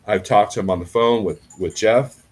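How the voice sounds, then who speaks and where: A man's voice: on the low side, normal speed, darkish tone, husky. A middle-aged man, a trucker, talking in a rambling casual vlog and often checking in with "okay?". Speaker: trucker YouTuber.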